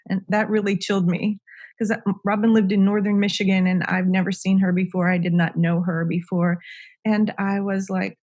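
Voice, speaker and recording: A woman's voice: medium pitch, flat delivery, moderate pace, a little mellow. A middle-aged woman telling a personal story as a podcast guest, talking in a conversational way with many ums and restarts. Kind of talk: casual storytelling.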